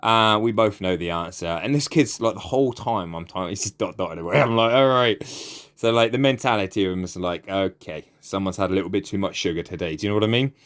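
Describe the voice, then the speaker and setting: A man's voice: sits low, fast, hardly any pauses, a bit bright. A young man giving casual, sweary gameplay commentary and laughing often as he recounts chatting with a player. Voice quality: sweary, laughs a lot while telling it. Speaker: gaming YouTuber.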